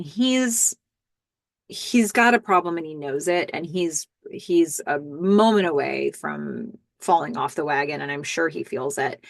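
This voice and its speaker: A woman's voice: sits low, gravelly, dry recording. Chatty woman recapping a TV episode. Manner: chatty, stammers and restarts, acts out quoted lines. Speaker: podcast host. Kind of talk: TV episode recap, casual narration.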